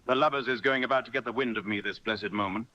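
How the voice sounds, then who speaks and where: Male reader doing a worn-out old seaman, gruff and wheedling, pitched a touch higher than his own voice, audiobook. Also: fast, pushed and bright, muffled recording, slight background noise, natural voice. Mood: blustering. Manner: gruff, wheedling sailor talk. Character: old sick sea captain, rough and pleading. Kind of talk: audiobook character reading.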